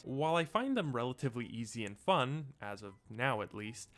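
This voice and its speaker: A man's voice: mid-range voice, a bit bright. Earnest young man narrating a voice-over. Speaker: video essay host. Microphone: home mic setup.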